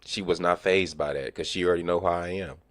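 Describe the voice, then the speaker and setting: Low-voiced man telling stories, profane. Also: quick pace, no echo. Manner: animated, profane storytelling, acting out quotes. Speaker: livestreamer. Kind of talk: casual storytelling chat.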